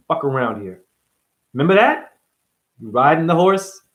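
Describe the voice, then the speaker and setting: Male vlogger, fairly high and highly animated; profane, taunting, rapid-fire questions at the audience. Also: low-quality recording. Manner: profane, mocking, swings between shouting and murmuring; rapid rhetorical questions at the viewer. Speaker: self-styled spiritual vlogger. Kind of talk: unscripted monologue to camera.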